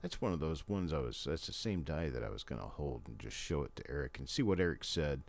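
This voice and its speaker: A man's voice: very deep voice, lively intonation, a little fast, gravelly. An older man hosting a live stream from his home in casual chat, rambling and folksy with chatty asides. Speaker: host.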